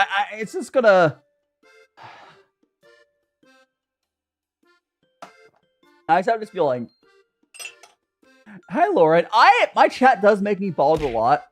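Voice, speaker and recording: Young streamer rambling over tea, voice bouncing up and down a lot, some soft music behind. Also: mid-range voice, sing-song, slow pace, long pauses. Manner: rambling, chatty, greets viewers by name. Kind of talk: casual chat while drinking tea.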